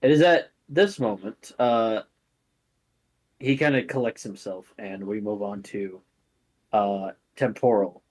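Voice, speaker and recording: A man's voice: fairly low pitch, takes it slowly, darkish tone. A man narrating a tabletop game as game master, casual and full of "uh"s. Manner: casual, many fillers.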